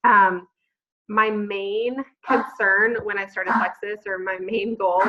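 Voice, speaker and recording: A woman, a pharmacist and mother, telling her personal story earnestly on a group call from home, with many pauses and fillers. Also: medium pitch, steady tone, background noise. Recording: dull lo-fi call audio.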